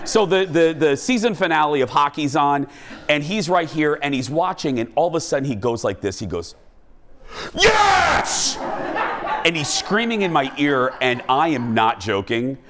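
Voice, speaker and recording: A man hosting a talk show, telling funny stories in an animated, self-mocking way. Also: on the high side, normal speed, a faint crowd, slight background noise. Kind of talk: comic storytelling to a studio.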